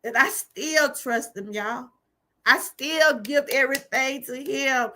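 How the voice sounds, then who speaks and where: A woman's voice: sits high, takes it slowly, sharp tone. A woman, hosting her own livestream and giving an emphatic, repetitive, preacherly testimony. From Georgia, US. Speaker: channel host.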